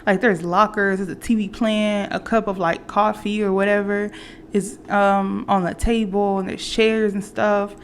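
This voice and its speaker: A woman's voice: medium pitch, level tone, unhurried, a little hiss or hum. A woman vlogger casually retelling a movie plot, rambling with fillers and restarts. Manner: acts out quoted characters.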